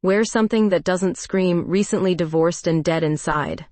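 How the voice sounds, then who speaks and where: A woman's voice: fairly low pitch, moderate pace, darkish tone, dry recording, natural voice. A woman putting on Sarah, a bossy teasing best friend. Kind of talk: storybook dialogue.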